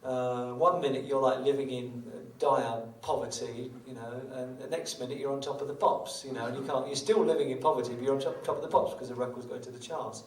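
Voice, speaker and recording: A man's voice: medium pitch, steady tone, brisk, few pauses, recorded from a distance. A middle-aged man, a guitarist, chatting wryly between songs at a live show, telling self-mocking stories. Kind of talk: on-stage patter between songs. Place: small concert venue on stage. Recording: echoey venue from afar with guitar.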